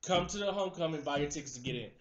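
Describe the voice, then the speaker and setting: Fast-talking young man telling a story. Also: on the high side, echoey room, lo-fi sound. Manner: animated storytelling, acting out quoted people. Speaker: host. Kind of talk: casual chat.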